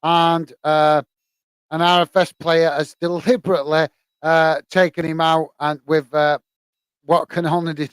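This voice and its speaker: A man's voice: on the high side, clear, resonant tone, no room sound. Tired man on a match watch-along. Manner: rambling, many fillers. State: tired, yawning.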